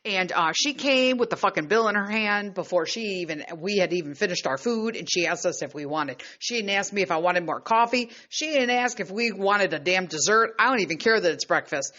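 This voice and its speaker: A woman podcaster from the United States telling a travel story in a blunt, profane, animated way. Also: mid-range voice, brisk, few pauses, highs cut off. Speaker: podcast host. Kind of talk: casual storytelling monologue.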